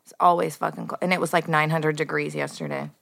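A woman's voice: low voice, little pitch movement, quick pace, gravelly, fairly bright tone, slight background noise. A young woman co-hosting a casual chat in a studio, blunt and profane with mock insults. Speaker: podcast co-host.

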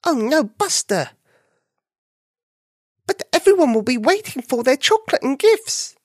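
A man voicing an eager, helpful young male bunny in a high, exclaiming voice. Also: big pitch swings, measured pace, no echo, clean studio sound, heavily acted. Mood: concerned.

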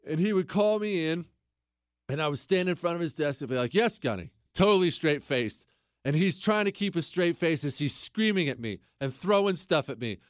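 A man hosting a podcast, telling a story in casual comedic style, animated and sardonic, with self-mocking asides. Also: a little high, moderate pace, no room sound, studio quality. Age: adult.

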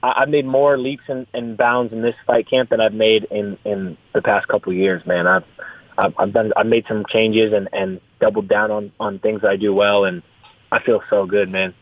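A man's voice: lowish voice, little pitch movement, moderate pace, no room sound. A young man, a fighter, talking in a casual interview, rambling, repeating his words and swearing freely. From US West Coast. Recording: tinny phone-like line.

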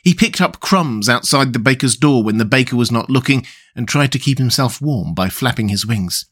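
A male storyteller reads a classic tale aloud at a middle pitch. His narration is calm and even, as he hosts his own story show. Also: normal speed. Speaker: storyteller and podcast host.

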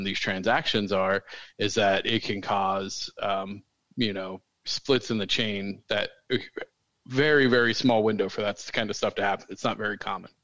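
A man's voice: on the low side, a bit bright, no room sound, poor audio. A man co-hosting a podcast, chatting casually and rambling with jokes and many fillers. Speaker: podcast co-host. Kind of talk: casual chat.

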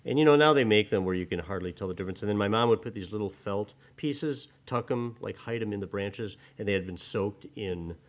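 A priest co-hosting a podcast speaks in a low, deep voice. He chats easily and agreeably, answering his friend with ready laughs and sharing small memories in a relaxed way. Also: a little fast, few pauses. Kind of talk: casual chat.

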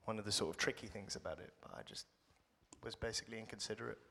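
A man's voice: lowish voice, very fast, creaky, sharp tone. A young British man chatting as a guest actor in an interview, thoughtful and self-deprecating, rambling with restarts. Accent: British English. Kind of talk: casual interview chat. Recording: reverberant room.

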